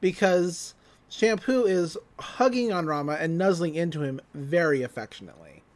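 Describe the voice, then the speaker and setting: A man co-hosting a podcast, recapping an episode in casual chat, laughing often and quoting characters in quick voices. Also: on the high side. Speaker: podcast co-host.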